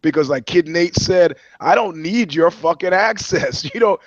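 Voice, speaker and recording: A man's voice: sits high, animated, normal speed, highs cut off. A man who works as a journalist, co-hosting a podcast chat and telling stories bluntly and with plenty of swearing. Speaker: journalist and co-host.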